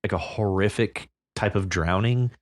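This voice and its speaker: Low-voiced man in casual story chat. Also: moderate pace. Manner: relaxed, musing, with many fillers and restarts. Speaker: podcast co-host discussing a story. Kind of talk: casual book-club chat.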